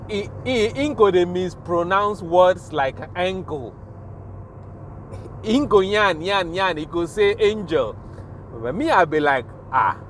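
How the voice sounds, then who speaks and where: Slow Nigerian man telling a story. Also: on the high side, slight background noise. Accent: Nigerian Pidgin. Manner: animated, laughing, slow drawn-out telling. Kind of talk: casual storytelling.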